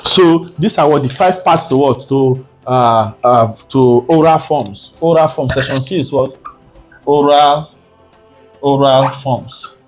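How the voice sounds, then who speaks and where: A man's voice: mid-range voice, unhurried, few pauses, soft background music. A man teaching an exam prep lesson, often repeating points and asking rhetorical "what?" questions. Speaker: tutor.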